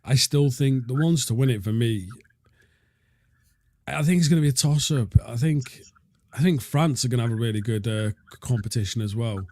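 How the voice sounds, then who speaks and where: A Welsh man co-hosting a football podcast in a relaxed, rambling way, often restarting his sentences. His voice sits at an ordinary middle pitch, and the recording is dry and close, with no room sound. He chats casually from what sounds like a home setup. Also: normal speed, no room sound. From Wales. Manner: rambling, self-interrupting. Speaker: co-host.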